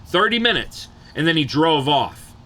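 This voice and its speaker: A man is ranting on a livestream in a loose, animated, profane way. His voice has a bright, forceful edge, and he keeps circling back to check that his listeners follow. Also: fairly high pitch, moderate pace. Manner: animated, profane, repeats "you know what I'm saying". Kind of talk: casual livestream rant.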